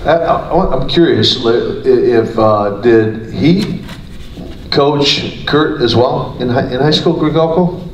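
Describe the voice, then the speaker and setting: A man's voice: mid-range voice, slow. A man, a former wrestler, talking casually in an interview, rambling with many restarts. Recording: roomy, distant mic, faint noise.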